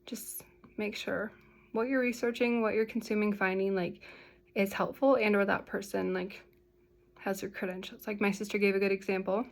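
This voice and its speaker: Young woman, casual vlog talk, rambling, gravelly fry, mid pitch. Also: fairly even intonation, fairly quick. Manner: chatty, rambling, full of "like" fillers. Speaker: vlogger sharing her health story. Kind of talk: casual talking-to-camera vlog.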